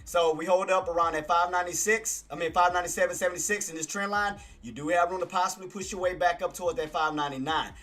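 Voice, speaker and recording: A man giving live trading commentary, excitable and boastful, repeating himself as he shows his gains to viewers. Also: sits high, fast, few pauses. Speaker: day-trading streamer.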